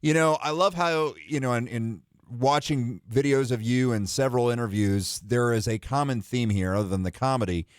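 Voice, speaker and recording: A man radio host asks friendly, leading questions and talks up an upcoming show with steady enthusiasm. His mid-pitched voice is recorded close and dry in the studio. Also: moderate pace, few pauses, smooth, no echo. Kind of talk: radio interview.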